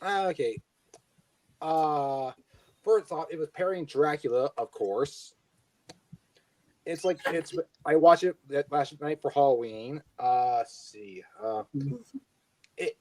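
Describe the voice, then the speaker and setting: A man's voice: fairly high pitch, animated, slow pace, darkish tone, no room sound. A man co-hosting a podcast in casual chat, hesitant, with fillers and restarts. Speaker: podcast co-host.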